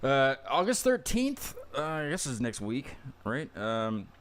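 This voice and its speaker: A man's voice: mid-range voice, huge pitch swings, measured pace, fairly bright tone, clear, resonant tone. A man hosting a casual podcast interview, rambling, stumbling over his words and laughing often. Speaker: podcast host.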